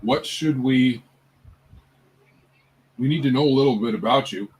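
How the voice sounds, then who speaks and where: A man's voice: mid-range voice, measured pace, low-quality recording. A man playing in a tabletop game, speaking casually and asking questions. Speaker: player.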